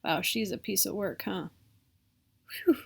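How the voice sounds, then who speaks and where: Woman, teacher, children's book read-aloud, slow, expressive. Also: medium pitch, creaky, husky.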